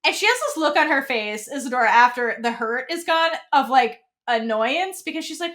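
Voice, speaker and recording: Lively young woman recapping a show. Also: high-pitched, a little fast, few pauses. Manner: animated, acts out characters' lines mid-recap. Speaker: podcast co-host. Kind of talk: casual fan recap chat.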